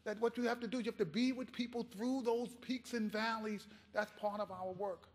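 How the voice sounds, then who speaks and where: A man giving a keynote speech, telling a story in an impassioned, animated way. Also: high-pitched, normal speed, big-room sound. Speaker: keynote speaker.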